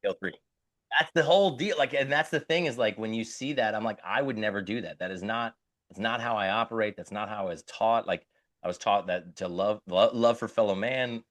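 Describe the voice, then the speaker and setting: A man's voice: fairly low pitch, a little fast, fairly bright tone, dry recording. A middle-aged man co-hosting a podcast, talking earnestly and often restarting while he searches for words. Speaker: podcast co-host. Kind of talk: casual podcast conversation.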